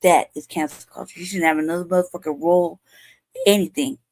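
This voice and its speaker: A woman's voice: lowish voice, steady tone, fast, darkish tone, dry recording. A woman in her forties hosting a podcast, delivering a profane, repetitive rant in heated commentary. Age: 40s. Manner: profane, ranting, repetitive, emphatic. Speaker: show host.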